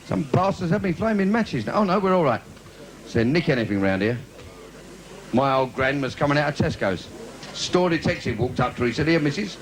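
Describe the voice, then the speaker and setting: A man doing bawdy stand-up cabaret patter on a theatre stage, with sudden squeaky asides. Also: sing-song, a little fast. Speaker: stand-up comedian. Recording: noisy 1980s live video.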